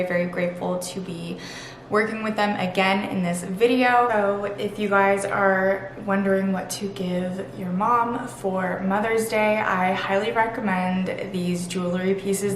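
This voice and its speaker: A woman's voice: medium pitch, a little hiss or hum. A woman vlogger talking casually and gushing about things she loves, chatty and upbeat. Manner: gushing, chatty, lots of "super" and "literally". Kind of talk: casual sponsored vlog talk. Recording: echoey room.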